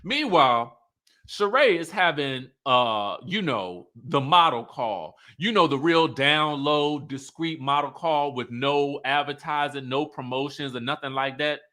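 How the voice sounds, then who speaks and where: A man's voice: fairly high pitch, animated, measured pace, bright, forceful tone. A man recapping a reality show in a sassy, chatty way, full of asides and laughing at his own remarks. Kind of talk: casual show recap commentary.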